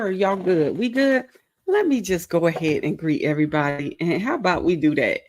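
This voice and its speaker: A woman's voice: lowish voice, expressive, moderate pace, darkish tone. A tired, goofy woman hosting a casual crochet livestream, giggling often as she greets viewers and reads chat aloud. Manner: goofy, playful, self-mocking.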